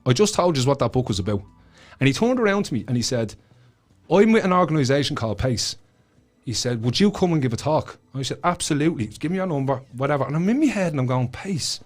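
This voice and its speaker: Very animated and talking fast in a mid-range voice, a man with a Dublin Irish accent tells a story as a guest author while faint music plays. He swears freely and performs the voices of his characters.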